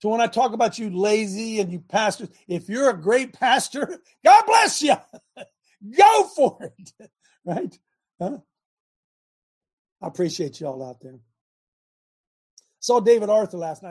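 A man hosting a faith talk show, exhorting his audience like a coach, with shouted bursts, laughs and repeated phrases. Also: high voice, lively intonation, moderate pace, long pauses.

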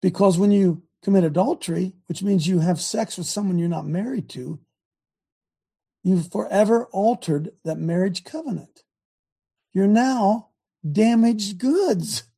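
Older man with a gravelly, dark voice. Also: high-pitched, measured pace. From United States. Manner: preachy, emphatic, repeats words and restarts. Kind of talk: opinionated Christian talk.

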